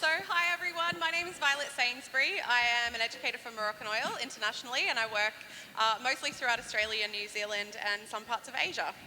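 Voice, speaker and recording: Bright high-voiced woman presenter. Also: fast, long reverb tail, a little hiss or hum, poor audio. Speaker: hair educator. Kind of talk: stage presentation. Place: stage at a hair show.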